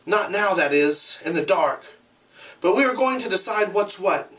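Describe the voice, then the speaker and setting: A man's voice: sits high, expressive, normal speed, fairly bright tone, recorded from a distance, pitched above the performer's own voice. A man reading aloud, voicing an earnest boy leader who worries and tries to keep order. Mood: earnest, urgent. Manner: earnest and urgent.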